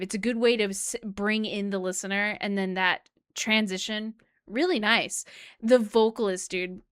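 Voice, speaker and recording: A woman's voice: mid-range voice, a bit bright, clear, resonant tone, no echo, studio quality. A woman, a flutist, giving casual and enthusiastic spoken reactions to a song at home, sometimes humming out rhythms. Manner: chatty and enthusiastic, hums out rhythms. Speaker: music reaction YouTuber and flutist. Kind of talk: casual music reaction commentary. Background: faint music playing.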